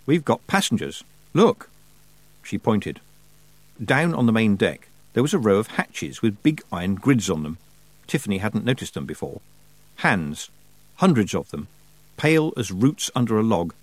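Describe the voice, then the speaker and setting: A man narrating a fantasy audiobook with expressive storytelling. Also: on the low side, normal speed, no room sound.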